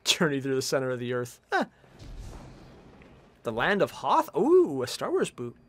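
A male streamer chatting casually while playing, excitable and swearing, with loud outbursts. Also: mid-range voice, moderate pace. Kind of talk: casual gaming chat.

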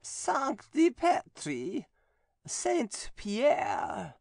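A male audiobook narrator voicing a possessed nun, with a demon answering through her in a high, strained falsetto and slow, halting words. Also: huge pitch swings, vocal fry, no room sound, clean studio sound, heavily acted. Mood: halting, eerie.

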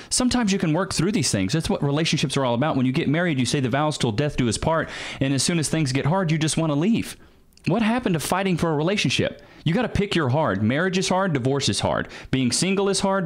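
A man doing reaction commentary, mocking and sarcastic. His pitch swings widely as he scoffs and lectures. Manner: mocking, sarcastic, calls people honey. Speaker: commentary host reacting to clips.

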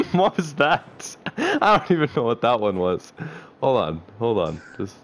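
Laid-back, slow-talking gamer man. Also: medium pitch, huge pitch swings. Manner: laughs a lot, teasing, laid-back. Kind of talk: casual gaming chat.

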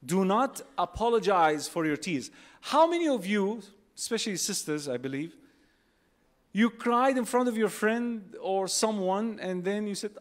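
A man preaching to a live audience in a large convention hall, animated, asking the crowd questions and acting out quotes. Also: sits high, measured pace. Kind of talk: religious talk to a live audience. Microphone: holding a phone and a mic on stage.

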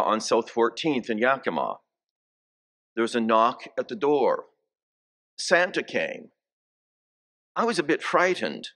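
A sixty-something bishop speaks in a sharp, medium-pitched tone while giving a homily in church. He's slow and story-driven, sharing family stories and getting the congregation to say greetings back to him.

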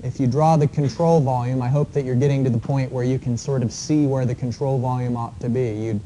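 A male engineering professor giving a recorded class lecture, explaining problems in a measured way with frequent fillers and pauses. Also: medium pitch, fairly even intonation, mellow, slight background noise.

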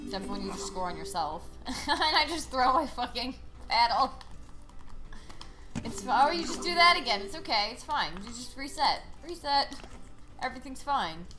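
A woman streaming a video game live, ranting sarcastically and swearing with loud frustrated outbursts. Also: sits high, big pitch swings, moderate pace, music in the background. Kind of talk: live gameplay commentary.

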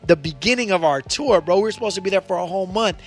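A man hosting a podcast, telling a road story in a casual, animated way and swearing freely. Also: sits high, racing, soft background music. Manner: animated, acts out voices in his stories, swears freely. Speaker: podcast host.

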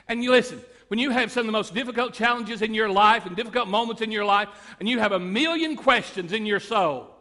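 A man preaching a sermon as pastor, moving between loud declarations and quiet stories. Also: high voice, fairly quick, big-room sound. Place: church sanctuary.

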